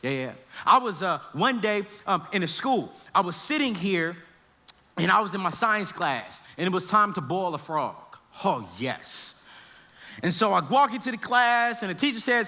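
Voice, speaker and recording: A man giving a comedic storytelling talk to students, animated and laughing as he acts out scenes. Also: high voice, moderate pace. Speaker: speaker to students. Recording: echoey hall.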